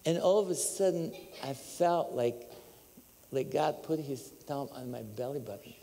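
A man with a Bulgarian accent telling his testimony as a preacher, animated and storytelling, breaking into high exclamations and laughter. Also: a little slow, gravelly, in a large hall, slight background noise. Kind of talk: testimony sermon. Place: large church hall.

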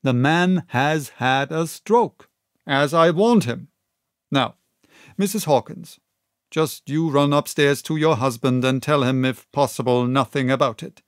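A man reading an audiobook, voicing a stern middle-aged country doctor who gives orders in a crisp, brusque manner. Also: medium pitch, a little slow, no room sound, studio quality, lightly acted.

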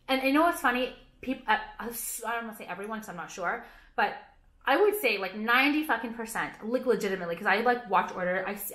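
A young woman rattles through a casual haul vlog in a bright, forceful voice, swearing freely and piling on filler words. Her brash, rambling chatter bounces around an echoey room. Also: medium pitch. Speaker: vlogger and small business owner.

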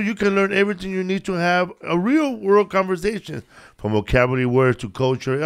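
A man's voice: high voice, a bit bright. A man hosting a podcast, dropping dry jokes and reading a sponsor ad in a casual tone. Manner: drops dry one-line jokes. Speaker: podcast host. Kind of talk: casual chat and ad read.

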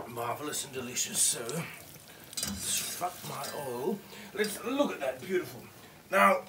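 A man's voice: high-pitched, background noise, full character voice. A man playing a brash, foul-mouthed, pompous TV chef with a Scottish accent, rambling and crude as he hosts a comedy cooking show. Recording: echoey kitchen, distant mic, clattering pans.

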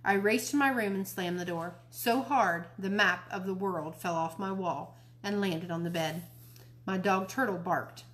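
A woman's voice: medium pitch, unhurried, fairly bright tone. A woman from a library reading a children's novel aloud in a friendly, informal way. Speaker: library storytime reader.

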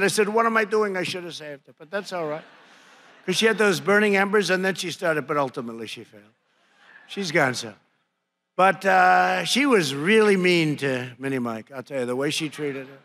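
Hall reverb, crowd and room noise set the scene: a large conference hall where a man in his seventies speaks to a crowd from a podium mic. His high-pitched, sing-song voice is pushed and bright at normal speed as he boasts, mocks, repeats his punchlines and hands out nicknames in a political rally speech.

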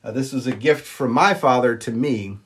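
A man chatting casually on a live stream, greeting viewers and filling pauses with ums as he shows old magic props. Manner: chatty, greets viewers, jumps up high on exclamations; frequent ums and uhs. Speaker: vlogger showing magic props.

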